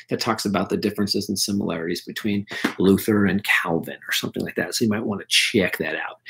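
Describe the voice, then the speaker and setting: A man's voice: lowish voice, a bit bright. A male history teacher running a casual review session, talking loosely with many fillers, and losing his voice. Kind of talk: live online review session.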